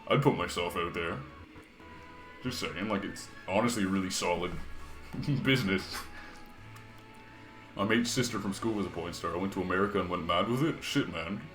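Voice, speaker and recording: A half British, half Canadian man with a very deep voice, reading chat aloud and trading crude jokes while he plays. His voice bounces around a roomy space. Faint music plays behind him. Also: moderate pace, pauses often, a bit bright. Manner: crude, joking banter with chat. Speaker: game streamer. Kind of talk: casual gaming livestream, reading chat aloud.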